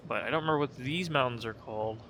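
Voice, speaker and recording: A young man drifts through casual commentary over a flight game, often restarting his sentences and sounding like he just woke up. His voice sits at an ordinary middle pitch. A faint hiss runs under the recording. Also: fast, pushed and bright. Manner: rambling, self-correcting, sleepy. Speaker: gaming video creator.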